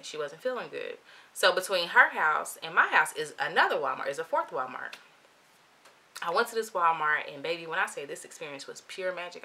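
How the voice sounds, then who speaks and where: A woman vlogger telling a shopping story in a lively, slangy, animated way. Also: lowish voice. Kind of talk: storytime vlog.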